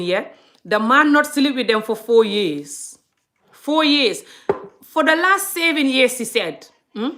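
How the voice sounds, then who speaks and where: A woman's voice: medium pitch, bright, forceful tone. A middle-aged woman from Gambia vlogging in an earnest, impassioned monologue, often restarting and repeating herself. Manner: earnest, frequent restarts and repetition.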